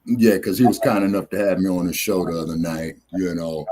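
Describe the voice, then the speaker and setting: A man's voice: low voice, brisk, background noise. A man hosting a casual talk show, easygoing and drawn out, with many fillers. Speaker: host.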